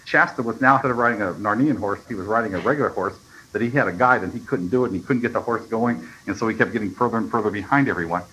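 A man's voice: fairly low pitch, racing, a bit bright, a little hiss or hum, rough recording. A man reading a story aloud and giving reflective, earnest commentary as a Bible study teacher.

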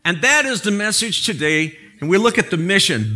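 A male pastor delivering a sermon with a lively, sweeping delivery. His voice is bright and forceful, sitting a little high for a man, and he tells stories with plenty of animation. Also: normal speed, few pauses. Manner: animated storytelling with prayer and jokes.

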